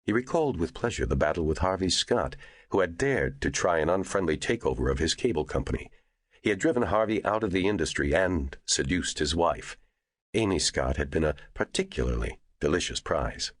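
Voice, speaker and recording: Very deep husky male narrator. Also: expressive, normal speed, no echo, clean studio sound. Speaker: audiobook narrator. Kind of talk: scripted narration.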